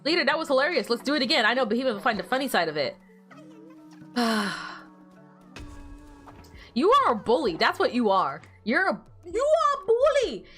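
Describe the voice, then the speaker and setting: Lively, high-voiced woman streamer. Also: fairly quick, long pauses, faint music behind. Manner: animated, teasing, laughs often. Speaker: gaming streamer. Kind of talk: casual gameplay livestream chat.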